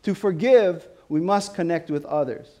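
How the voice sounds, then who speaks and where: A man preaching a sermon to his church, with an animated style that rises to loud, emphatic questions. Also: fairly high pitch, moderate pace. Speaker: pastor.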